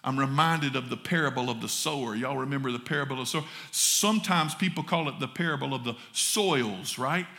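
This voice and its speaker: Quick and hardly pausing, a pastor with a Southern US accent preaches from the pulpit in a church sanctuary, addressing the congregation as y'all in a folksy way. His voice is mid-range with a sharp tone.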